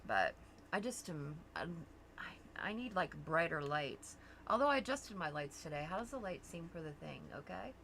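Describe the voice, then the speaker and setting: Chatty middle-aged mom with a gravelly voice. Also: female voice, deep voice, very animated, normal speed, a bit bright, slight background noise. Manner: chatty, laughs easily. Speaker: craft livestream host. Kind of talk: casual chat while crafting.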